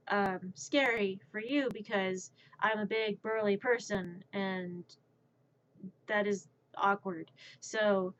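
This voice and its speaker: A woman's voice: medium pitch, steady tone, slow pace, a bit bright, a little hiss or hum. A woman streamer telling a casual story, rambling and stammering, often repeating her words. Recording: muffled lo-fi stream audio.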